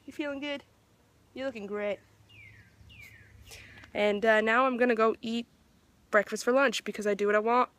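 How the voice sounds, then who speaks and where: A woman's voice: fairly high pitch, steady tone, moderate pace, pauses often, fairly bright tone. A young woman vlogging casually about her day, talking in a chatty way with lots of filler words. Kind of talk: casual vlog chat.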